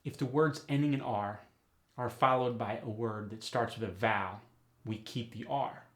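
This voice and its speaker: A man hosting an accent tutorial as a dialect coach, speaking clearly and deliberately as he announces each topic. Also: medium pitch, fairly bright tone, roomy sound.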